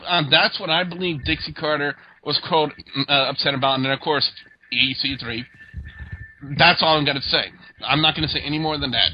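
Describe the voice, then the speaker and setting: A man hosting a casual wrestling review chat, recapping the show with lots of fillers and restarts. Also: fairly high pitch. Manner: rambling recap with many fillers. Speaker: host. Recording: dull lo-fi podcast audio.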